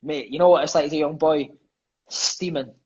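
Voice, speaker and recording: High, fast-talking Scottish man on a phone. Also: fairly even intonation, warm tone, husky. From Scotland. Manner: swears freely, peppers speech with "mate". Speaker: interview guest. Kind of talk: storytelling in casual chat. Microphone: phone on a live video call. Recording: dull lo-fi phone audio.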